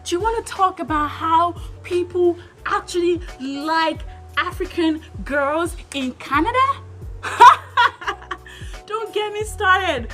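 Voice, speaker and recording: A woman's voice: very high voice, a little slow. A woman from Nigeria, giving opinionated vlog commentary in an emphatic way, full of rhetorical questions. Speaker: vlogger. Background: background music.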